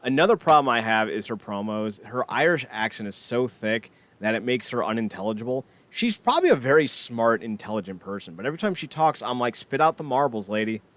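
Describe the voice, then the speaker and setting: A man's voice: mid-range voice, very animated, fairly quick, few pauses, a bit bright. A man co-hosting a wrestling podcast, casual chat, opinionated, rambling and jokey. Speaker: podcast co-host.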